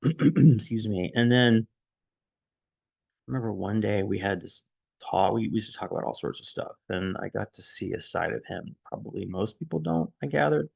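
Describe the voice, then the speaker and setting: A man casually recalling a friendship, quiet and reflective, halting with many restarts and fillers, audibly emotional. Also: on the low side, lively intonation, vocal fry, breathy edge, no echo. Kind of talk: casual personal storytelling.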